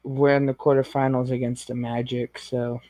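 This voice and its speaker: A man's voice: mid-range voice, level tone, normal speed, warm tone, dry recording. A man co-hosting a casual sports talk show, laid back, mostly giving short agreeing replies. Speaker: podcast co-host.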